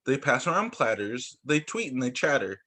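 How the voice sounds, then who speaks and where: Animated man reading stories aloud. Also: medium pitch, normal speed. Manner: animated, expressive. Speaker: teacher. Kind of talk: reading picture books aloud to children. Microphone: video call.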